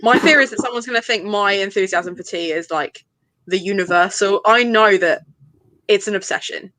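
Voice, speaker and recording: A woman's voice: mid-range voice, normal speed, bright, forceful tone, no echo, poor audio. A Scottish woman in a casual video call chat, enthusiastic and teasing.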